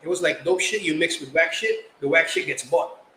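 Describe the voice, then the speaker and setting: A young man from the Philippines, a guest artist telling stories in casual chat, animated and slangy. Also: a little high, fairly quick. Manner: animated, slangy, acts out quotes. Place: podcast studio. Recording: roomy echo, faint background noise.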